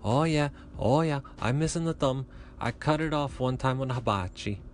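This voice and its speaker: A man's voice: medium pitch, normal speed, a little hiss or hum, voice pushed up, close to an everyday voice. A man voicing a laid-back stoner male hibachi chef who talks in broken English. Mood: easygoing. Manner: broken English, easygoing drawl.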